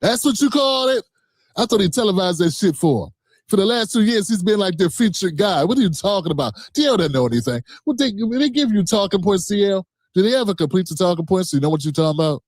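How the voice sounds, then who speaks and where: A man's voice: high-pitched, animated, fast talker, no room sound, studio quality. A man streaming a reaction, talking back to a clip in a combative, profane, mocking way. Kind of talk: heated reaction commentary.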